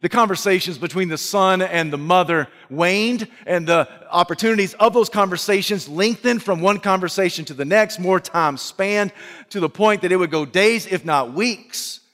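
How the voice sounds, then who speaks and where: A male preacher telling a story in a sermon, swinging from hushed, slow lines to loud shouting. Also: sits high, in a large hall.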